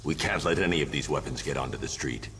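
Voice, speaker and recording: A man's voice: very deep voice, fast, a bit bright, big-room sound, slight background noise. An actor playing a stern, terse male masked vigilante who gives clipped orders in a video game.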